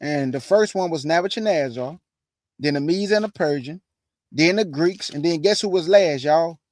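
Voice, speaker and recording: Guy preaching prophecy, kinda high voice, answers his own questions, dry close sound. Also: normal speed, a little mellow, dry recording. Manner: preachy, calls audience family, answers imagined questions. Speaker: online preacher, show host. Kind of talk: street-style sermon on prophecy.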